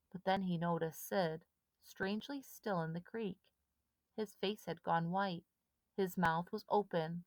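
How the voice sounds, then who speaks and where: Woman, storybook narration, low voice, dry close sound. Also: no room sound. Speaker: audiobook reader.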